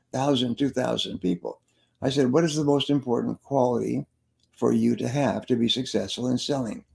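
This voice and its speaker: A sales trainer and motivational speaker tells stories in an interview, repeating his key phrases for emphasis. His voice is medium in pitch, gravelly and a little mellow.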